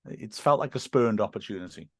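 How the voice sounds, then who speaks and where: A man with a Welsh accent, a guest on a podcast, chatting casually and telling animated stories with frequent restarts. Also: fairly low pitch, fairly quick, dry recording, studio quality. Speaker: podcast guest, football commentator. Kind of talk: casual chat.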